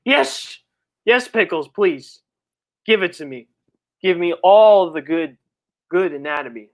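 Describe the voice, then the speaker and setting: A streamer chatting casually on a live birthday stream, reading viewer messages and rambling in slang, with sudden high, excited outbursts. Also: a little slow. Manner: rambling, slangy, full of fillers. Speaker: livestreamer and comic creator.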